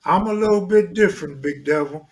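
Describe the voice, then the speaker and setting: A man's voice: high voice, a little fast, slight background noise. A man co-hosting a casual live-stream talk show, speaking in loose street slang and often asking "you know what I'm saying.". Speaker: co-host. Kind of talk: casual chat.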